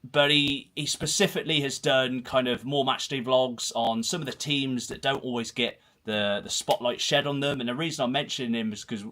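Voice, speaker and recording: A man's voice: medium pitch, steady tone, normal speed, sharp tone. Chatty man with a West Country accent. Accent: Herefordshire and Gloucestershire. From Herefordshire, England. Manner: rambling, chatty, self-deprecating. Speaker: host of a football channel livestream. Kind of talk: casual solo livestream chat, reading comments. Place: small dark home room full of football shirts.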